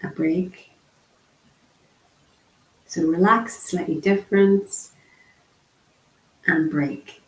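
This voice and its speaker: A woman voicing a casual online sign language lesson, chatty and unhurried, with frequent ums. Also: lowish voice, steady tone. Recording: echoey room.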